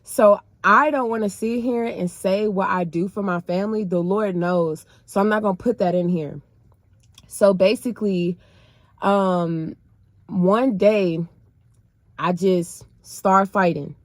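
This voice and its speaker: A woman's voice: medium pitch, takes it slowly, no room sound. A woman sharing her personal faith testimony in casual, emotional storytelling, speaking straight to her viewers in a colloquial way.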